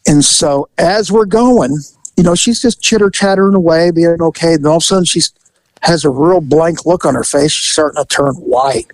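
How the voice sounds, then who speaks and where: A man hosting a podcast, telling an animated story in casual chat, acting out the voices and laughing as he goes. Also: on the high side, moderate pace, dry recording, poor audio.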